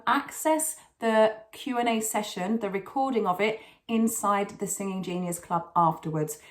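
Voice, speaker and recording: Female vocal coach, higher voice, warm encouragement with emphatic repetition. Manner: encouraging, repeats words for emphasis. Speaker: singing teacher. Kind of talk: online vocal lesson.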